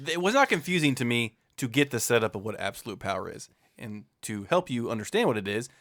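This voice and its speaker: A man's voice: medium pitch, fairly bright tone, dry recording, clean studio sound. A man co-hosting a comics podcast, chatting casually and laughing often as he loosely recaps a story. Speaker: podcast co-host. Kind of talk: casual chat.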